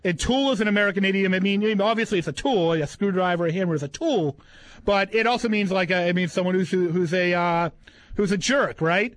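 A man's voice: high voice, brisk, dry recording, rough recording. A man with a Boston accent, hosting a casual comedy chat, joking and stretching out his phrases with repeated words. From New England. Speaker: podcast host.

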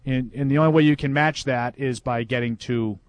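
A man's voice: mid-range voice, fairly quick, no echo. A man co-hosting a sports talk show, chatting casually and reading listener emails aloud. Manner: conversational, reads emails aloud with amusement. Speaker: sports radio co-host.

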